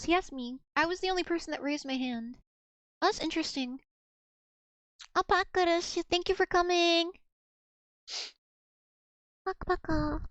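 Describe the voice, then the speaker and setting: High-pitched chatty young woman streamer. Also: no echo. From United States. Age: young adult. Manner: chatty, rambling with frequent restarts and giggles. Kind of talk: casual livestream chat.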